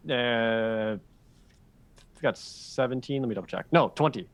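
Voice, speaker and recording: A man's voice: medium pitch, noisy background. A young man playing a tabletop game, chatty with lots of fillers and laughs. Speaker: player. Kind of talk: casual tabletop play.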